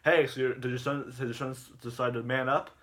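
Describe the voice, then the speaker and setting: A man's voice: medium pitch, steady tone, fast, a bit bright, natural voice. A man doing a pushy shady dentist.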